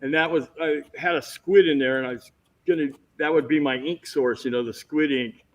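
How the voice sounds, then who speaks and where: A man telling lively stories as a guest on a casual video-call chat, jumping into quick impressions. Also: on the high side, low-quality recording. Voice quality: bald. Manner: animated anecdotes with impressions.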